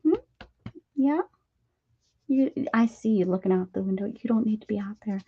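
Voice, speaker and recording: A chatty American woman hosting a home crafting stream, trading affectionate baby-talk with her pets between comments on her work. Her voice is mid-pitched and comes through slightly dull, lo-fi stream audio. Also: normal speed, husky. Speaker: craft livestream host. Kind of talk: casual chat while crafting.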